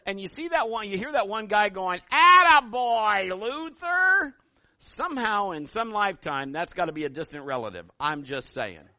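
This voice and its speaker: A middle-aged man preaching a sermon as pastor, telling stories in an animated way and building to loud calls. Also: high voice, a little fast, hardly any pauses, dry recording.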